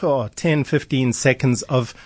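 A man, a guest in a radio interview, speaking in a relaxed way with many ums. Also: mid-range voice, a little slow, no room sound. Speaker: guest, product distributor.

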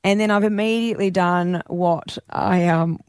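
A woman's voice: lowish voice, moderate pace, clear, resonant tone, no echo, studio quality. A middle-aged woman, hosting a casual radio chat and telling a story with lots of drama. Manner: animated storyteller, dramatic retelling. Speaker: radio host.

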